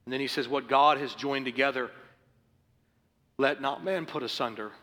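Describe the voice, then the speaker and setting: Forceful preaching pastor in an echoing hall. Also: male voice, medium pitch, normal speed. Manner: earnest preaching, rising to forceful emphasis. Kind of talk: sermon. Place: church sanctuary.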